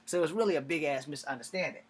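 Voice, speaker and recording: A man's voice: fairly high pitch, very fast, slightly rough. A man telling a story in a casual vlog rant, blunt and heavy on profanity. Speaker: vlogger. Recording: distant mic with faint ambient noise.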